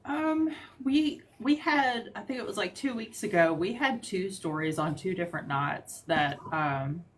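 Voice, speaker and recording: A woman with a fairly low voice hosts a live call-in stream in a relaxed, chatty way. She stops and starts often, leaning on fillers as she gathers her thoughts. A faint hiss of noise sits under her voice. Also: measured pace. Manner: hesitant, lots of fillers. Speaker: livestream host. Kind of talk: casual livestream chat.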